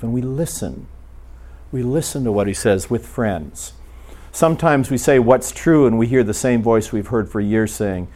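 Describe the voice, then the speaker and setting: A man preaching a sermon, telling a story and acting out prayers, often dropping to a near hush. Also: mid-range voice, moderate pace. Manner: animated storyteller, acts out prayers, drops to a hush.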